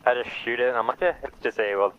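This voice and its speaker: A man's voice: mid-range voice, fast talker, fairly bright tone, clear, resonant tone, muffled recording. A man in casual voice chat telling a game story, acting out radio calls, on a close headset mic with audible breathing. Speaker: player in a military sim game. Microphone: headset mic too close, breathing audible.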